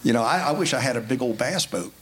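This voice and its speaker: A man preaching a folksy, conversational sermon in a church, building to emphatic high points. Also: animated, fast talker, fairly bright tone. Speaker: lay preacher. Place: church sanctuary. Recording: faint background noise.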